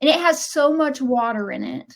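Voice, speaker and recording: A woman's voice: high voice, animated, normal speed. A woman chatting casually on a video call, with small apologetic asides. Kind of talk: casual chat.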